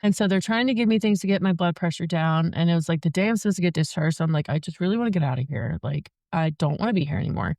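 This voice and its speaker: A woman's voice: lowish voice, lively intonation, very fast, creaky, few pauses, darkish tone, dry recording, clean studio sound. A young woman telling her story as a podcast guest in casual chat, full of "like" fillers. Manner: chatty, many "like" fillers.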